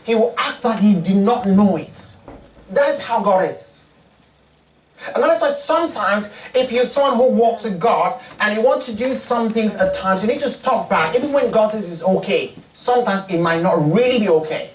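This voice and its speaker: A man preaching a sermon in a church hall, telling a story in an animated way and acting out its characters. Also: sits high, normal speed, slight background noise. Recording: echoey hall, distant mic.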